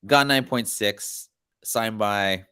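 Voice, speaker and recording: A man with a somewhat low voice hosts a casual chat, talking in a loose, laid-back way. He rambles and restarts his sentences, with plenty of slang. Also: slow pace, bright, forceful tone, smooth. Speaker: podcast host.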